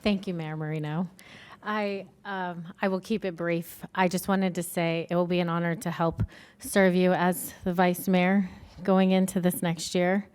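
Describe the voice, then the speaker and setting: A woman serving as county vice mayor, giving brief formal remarks in a soft-spoken, measured way with frequent ums. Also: fairly low pitch, little pitch movement, clean tone. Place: county commission chamber.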